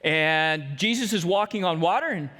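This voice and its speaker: At normal speed, a pastor with a slightly high, expressive voice delivers a sermon full of stories, taking on the voices of those he quotes. His sound is pushed and bright, and the church sanctuary lends it a big-room quality.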